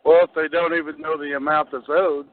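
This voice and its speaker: A man's voice: on the high side, little pitch movement, fairly quick, dry recording. A man hosting a call-in talk show, chiming in with brief agreeing remarks. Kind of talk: casual phone-in talk. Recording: dry tinny phone line.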